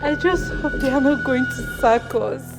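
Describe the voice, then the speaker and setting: An actress playing a grieving young woman, lamenting her dead boss in a slow, sorrowful way. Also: high-pitched, over music. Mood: mournful. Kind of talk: film acting.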